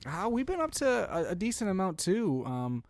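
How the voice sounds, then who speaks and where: A young man co-hosting a podcast, telling animated family stories with frequent laughs. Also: sits high, normal speed, no room sound, clean studio sound. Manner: animated storytelling, laughs often. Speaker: podcast co-host. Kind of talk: casual chat.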